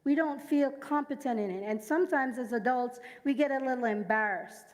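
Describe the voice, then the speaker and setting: A Jamaican woman with a high voice delivers a sermon full of personal stories. She keeps asking the congregation to join in and repeat her words. Her voice carries with a long reverb through an echoey church hall. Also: brisk. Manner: engages the congregation, asks them to repeat lines; personal storytelling. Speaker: speaker at a church service.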